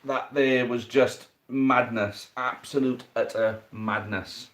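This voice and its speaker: A young man hosting and commentating a dice football tournament, chatty and excitable, swearing casually. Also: mid-range voice, slow. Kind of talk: live commentary and casual chat.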